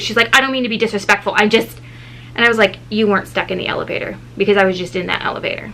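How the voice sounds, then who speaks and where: A woman in her thirties, a mother and vlogger, telling a story in a casual, animated way and acting out the people in it. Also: racing, creaky, slight background noise, poor audio. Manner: animated, acts out quoted people with shifting pitch.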